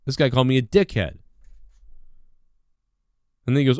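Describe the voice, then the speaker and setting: A man's voice: medium pitch, normal speed, a little mellow, no room sound. Rambling, profane man with a dry sound. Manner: profane, rambling, indignant, full of fillers. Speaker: podcast host. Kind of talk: solo rant.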